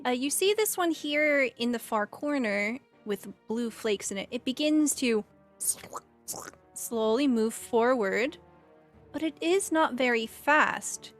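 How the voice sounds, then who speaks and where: A woman's voice: a little high, animated, takes it slowly, soft background music. A woman narrating a tabletop game as game master, casual and filler-heavy.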